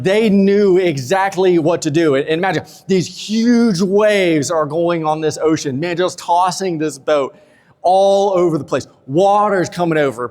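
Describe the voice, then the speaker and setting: A man's voice: fairly high pitch, darkish tone. Man preaching in a reverberant church. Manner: casual, humorous preaching with acted-out quotes. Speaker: pastor. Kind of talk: sermon. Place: church sanctuary.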